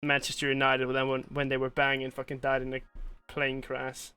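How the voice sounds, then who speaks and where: A man with a bright, sharp voice hosts a casual podcast. He rambles through his sentences with plenty of fillers and jokes crudely. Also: medium pitch, monotone, normal speed, clean tone, faint music behind. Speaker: podcast host. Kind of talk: casual chat.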